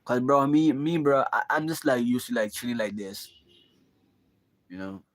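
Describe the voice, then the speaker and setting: A young man thinking out loud to the camera, rambling and circling back on himself with plenty of casual slang. His voice sits in an ordinary middle range and is recorded dry and close, without any room echo. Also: medium pitch, animated, moderate pace. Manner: rambling, musing, full of "like" and "bro". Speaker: vlogger. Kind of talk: casual confessional monologue.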